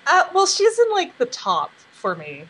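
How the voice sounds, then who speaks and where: A woman chatting casually as a podcast guest, bubbly and excitable. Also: high-pitched, a little slow, low-quality recording. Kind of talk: casual chat.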